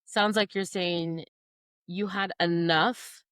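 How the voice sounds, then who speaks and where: A woman hosting a podcast as a therapist, asking a guest gentle, probing follow-up questions. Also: fairly low pitch, steady tone, slow pace, smooth, no room sound, clean studio sound. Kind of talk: interviewing.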